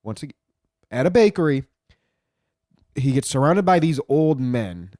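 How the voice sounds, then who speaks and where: A man's voice: medium pitch, expressive, unhurried, mellow. A man with a mid-range voice talks through a story in loose, casual commentary. He swears constantly and trips over himself with restarts. The sound is dry and close, with no room echo. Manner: profane, rambling, with frequent restarts.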